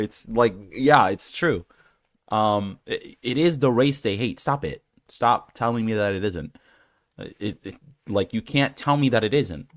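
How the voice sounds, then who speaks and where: A man's voice: lowish voice, measured pace, no room sound, studio quality. A man hosting his own channel, rambling through a casual rant with many fillers and restarts, sounding exasperated and incredulous. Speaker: channel host. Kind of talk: casual rant reacting to comments.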